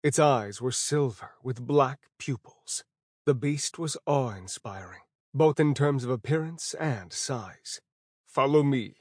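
This man narrates a first-person fantasy audiobook slowly and steadily, his ordinary mid-range voice slightly rough. It's recorded close and dry, without any room sound.

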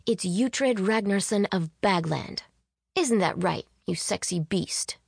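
A woman reading an audiobook, voicing a lively young woman in a raised, playful voice. She keeps the character light and teasing. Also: medium pitch, takes it slowly, creaky, husky, dry recording, studio quality, heavily acted.

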